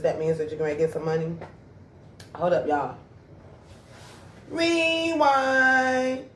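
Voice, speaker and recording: A woman with a medium-pitched, slightly mellow voice chats casually with her viewers in a home vlog shot in the house and backyard. The camera mic adds a little hiss or hum and a roomy echo from a distance.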